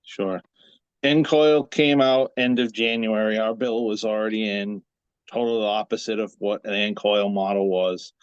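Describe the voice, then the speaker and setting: Low-voiced man on dull, dry audio. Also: fairly even intonation, smooth, dry recording. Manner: measured, explanatory, with rhetorical questions. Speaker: dental association president, guest. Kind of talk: interview answers.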